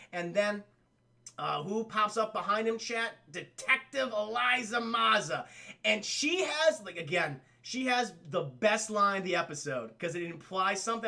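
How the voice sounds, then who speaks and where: A man's voice: high-pitched, sharp tone. A man streaming a casual cartoon recap, retelling scenes animatedly, acting out lines, swearing and talking to his chat.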